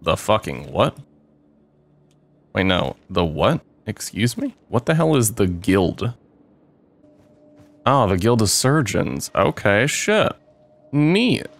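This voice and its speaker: A young man narrating his gameplay in a low, gravelly voice that swings widely in pitch. He talks at an unhurried pace and reacts with profane, excitable yelps. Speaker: gamer playing a modded game. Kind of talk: let's play commentary.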